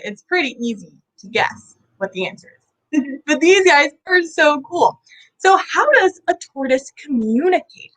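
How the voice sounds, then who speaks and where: A young woman hosting a live kids' lesson with animals, bubbly and full of questions for viewers, her voice a little hoarse. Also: high-pitched, a bit bright, low-quality recording. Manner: bubbly, asks viewers questions, sing-song sound effects. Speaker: children's animal educator.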